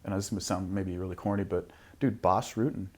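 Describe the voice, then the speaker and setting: A man's voice: deep voice, flat delivery, fast talker, mellow. A man appearing as a podcast guest in casual chat, easygoing and agreeable, with a lot of yeahs.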